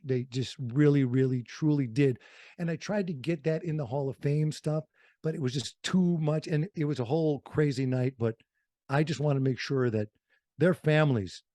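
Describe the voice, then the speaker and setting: A man from Wisconsin telling stories as a radio guest in a studio, lively and slipping into other voices for quotes. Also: mid-range voice, no room sound. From Fond du Lac, Wisconsin. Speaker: radio host and interview guest. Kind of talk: storytelling interview.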